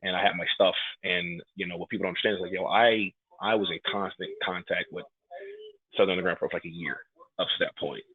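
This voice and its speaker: Speaking fast and low, a thirtysomething man from New York who was raised in Atlanta tells stories as a guest on a casual podcast interview. He's a pro wrestler and an animated storyteller who acts out every quote, heard over a tinny, phone-like line.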